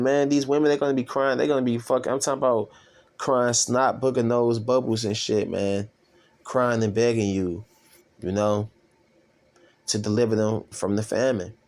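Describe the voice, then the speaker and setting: A man casually reading and commenting on scripture as a self-styled preacher, rambling and profane, with drawn-out fillers. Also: mid-range voice, darkish tone.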